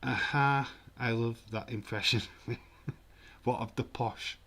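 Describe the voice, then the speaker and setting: A man's voice: mid-range voice, fairly even intonation, slow pace, pushed and bright. A man hosting a football watch-along stream, chatting casually and jokingly while he reads comments from the chat. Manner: chatty, jokey, mock-offended.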